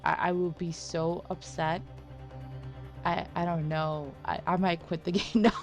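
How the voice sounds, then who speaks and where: A woman commenting on a game she is playing at home, ranting with animated repeats and frequent laughter. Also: fairly low pitch, measured pace, soft background music. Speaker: let's play commentator.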